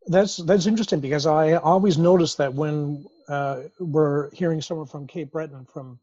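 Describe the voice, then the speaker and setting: A male interview host asking measured, thoughtful questions. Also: a little high, warm tone, dry recording, dull audio.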